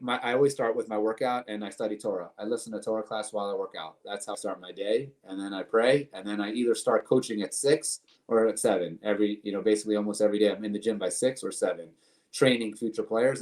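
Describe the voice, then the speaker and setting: Low, flat-voiced man in earnest interview. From United States. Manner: earnest, piles up long lists and repeats words. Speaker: guest, company co-founder. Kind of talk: casual interview.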